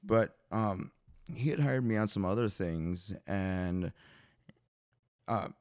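A man's voice: on the low side, slow pace, a little mellow, no echo, studio quality. A male drummer answering interview questions casually, hesitant and full of fillers and restarts. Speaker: drummer and percussionist.

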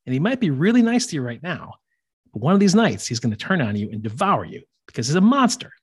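Jealous plotting sisters, conspiratorial, voiced by a man with husky tone. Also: fairly high pitch, sing-song, quick pace, no echo, studio quality. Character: jealous scheming older sisters.

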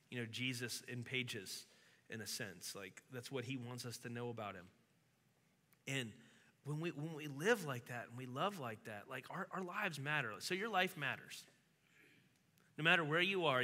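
A man's voice: medium pitch, sharp tone. A male pastor giving a conversational, encouraging sermon and leading a closing prayer. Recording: long hall reverb.

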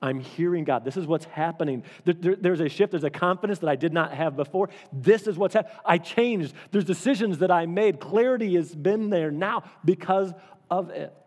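Guy pastor giving a sermon, kinda high voice, long echo off the hall. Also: moderate pace, darkish tone. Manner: conversational, repeats phrases for emphasis.

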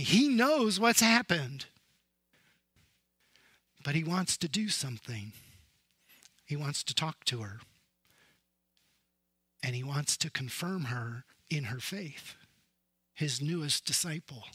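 Brief: male preacher, high and bright, slow, dramatic sermon delivery. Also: slightly rough, no room sound. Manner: animated storytelling, swings from loud emphasis to hushed. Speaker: pastor.

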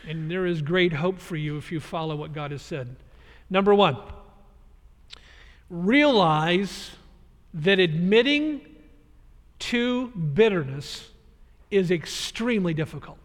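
A man's voice: high-pitched, expressive, slow, pauses often. A man preaching a sermon as pastor, earnest and emphatic as he explains the text and speaks directly to his listeners. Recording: long reverb of a large hall.

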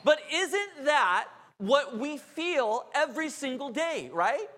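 A man's voice: very high-pitched, very animated, takes it slowly, bright, forceful tone. A man who is a pastor, preaching an emphatic, conversational sermon with asides to the congregation. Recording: long reverb of a large hall.

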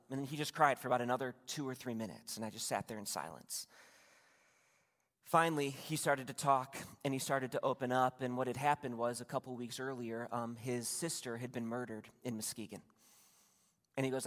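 A man's voice: mid-range voice, fairly even intonation, brisk, a bit bright. A man preaching a sermon as a pastor, telling a personal story in a conversational, confiding way with asides to the congregation. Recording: long reverb from a large room.

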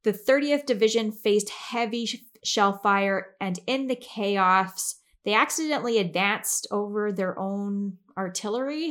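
A woman's voice: medium pitch, a bit bright. A woman hosting a podcast, giving a casual history recap in a chatty way with fillers and frequent giggles. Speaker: podcast host.

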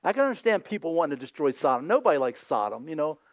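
A male pastor preaching a sermon in a lively, conversational way, acting out voices from the scripture scenes. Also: a little high, fast, dry recording, muffled recording.

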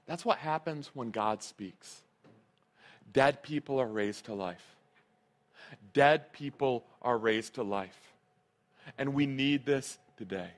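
A man's voice: medium pitch, takes it slowly, long pauses. Earnest man preaching a sermon. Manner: earnest, emphatic, repeats key phrases. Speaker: pastor.

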